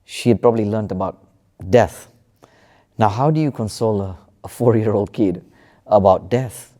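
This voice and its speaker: A man telling a story in a relaxed spiritual panel discussion, with plenty of fillers and restarts. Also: fairly low pitch, normal speed. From United Kingdom. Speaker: panel speaker.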